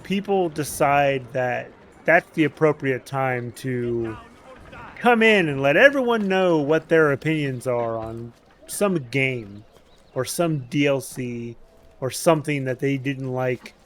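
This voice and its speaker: A man streaming a video game, telling a story in casual chat as an animated rant. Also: mid-range voice, takes it slowly, a little hiss or hum.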